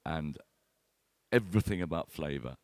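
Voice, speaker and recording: A man in his later years, a wine expert telling self-deprecating comic stories to an audience, halting and repeating words, with plenty of fillers. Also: rumbling low, expressive, darkish tone, no room sound, studio quality. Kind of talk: anecdotal talk to an audience.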